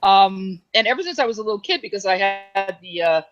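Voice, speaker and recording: A woman's voice: medium pitch, lively intonation, lo-fi sound. A woman co-hosting a casual online group chat, chatty and rambling. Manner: chatty, rambling, quick to laugh.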